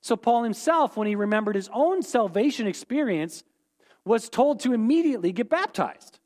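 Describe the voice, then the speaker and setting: A man's voice: extremely high pitch, very animated, moderate pace, darkish tone. A man teaching a Bible lesson, explaining terms and repeating key points, often checking in with "okay?".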